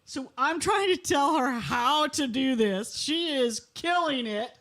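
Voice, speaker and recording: A middle-aged woman with a high voice, telling a story on a podcast. She talks in an animated way and laughs as she goes, casual and loose. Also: takes it slowly. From Missouri, USA. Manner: animated, laughs through her own story. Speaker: podcast co-host.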